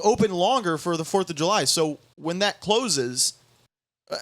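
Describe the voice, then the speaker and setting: Animated young man, halting retelling. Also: high voice, dry recording. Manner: animated, halting with many restarts, quoting others in bouncy voices. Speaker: podcast host. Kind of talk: casual storytelling chat.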